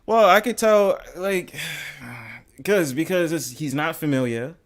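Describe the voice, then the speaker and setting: A man hosting a casual livestream panel, talking in an animated, profane way. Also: a little high, slow pace.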